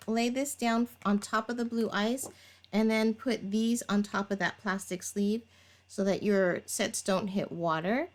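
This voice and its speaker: A woman talks through a manicure at an unhurried, easy pace. She is chatty and explains each step as she works. Now and then she laughs at her own fumbles. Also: mid-range voice. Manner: chatty, talks while working, laughs at herself. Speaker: nail tutorial vlogger. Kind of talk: casual step-by-step demonstration.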